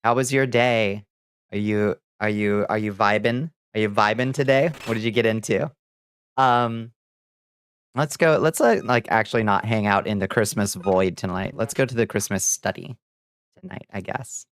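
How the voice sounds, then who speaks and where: A man's voice: lowish voice, fairly even intonation, normal speed, smooth. Giggly man chatting on a livestream. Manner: giggly, laughs often, casual swearing. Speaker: streamer. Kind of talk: casual livestream chat.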